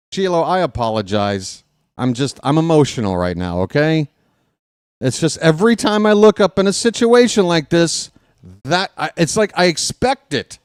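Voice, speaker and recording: A man calling live baseball play-by-play for an online audience. He swings from excited calls of the action to exasperated pleading and speaks straight to his chat. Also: a little high, normal speed, clear, resonant tone, no echo, clean studio sound. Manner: talks directly to a chat audience. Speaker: amateur play-by-play broadcaster.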